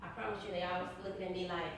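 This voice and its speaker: A woman's voice: lowish voice, fairly even intonation, rapid-fire, slight background noise. Earnest woman in a very echoey room. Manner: earnest, repetitive, emphatic, informal. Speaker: author and interview guest. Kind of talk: personal storytelling in an interview. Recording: very echoey room, distant mic.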